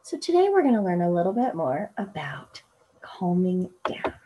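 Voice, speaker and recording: A woman teacher giving a gentle children's storytime read-aloud, soothing and often dropping into soft whispers. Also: on the low side, sing-song, normal speed, a little hiss or hum, rough recording. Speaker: teacher reading a picture book aloud.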